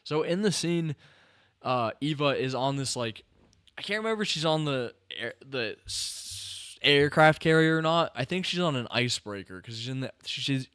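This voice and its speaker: A man's voice: mid-range voice, expressive, normal speed, a bit bright, smooth, no echo, clean studio sound. A young man hosting a podcast, chatting casually about a film, rambling with many restarts and fillers and sounding a little tired. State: tired, yawning. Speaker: podcast host. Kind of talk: casual film review chat.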